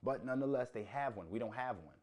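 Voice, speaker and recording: A man's voice: mid-range voice, animated, fast talker. A man hosting a casual solo podcast, talking bluntly with lots of swearing and joking. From United States. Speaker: podcast host.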